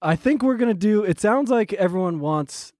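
A man's voice: high-pitched, lively intonation, moderate pace, darkish tone, dry recording, studio quality. A man from New Jersey co-hosting a podcast, dropping wry asides and bits of trivia. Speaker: podcast co-host. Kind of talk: casual comedic chat.

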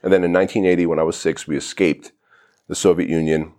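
A man in his forties, originally from Armenia, a podcast guest speaking in animated, blunt casual chat and laughing easily. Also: low voice, quick pace.

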